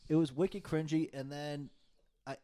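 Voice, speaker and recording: A man's voice: a little high, fairly even intonation, unhurried, dark tone. A young man, chatting on a podcast in long, rambling, profane rants. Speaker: podcast co-host. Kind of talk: casual chat.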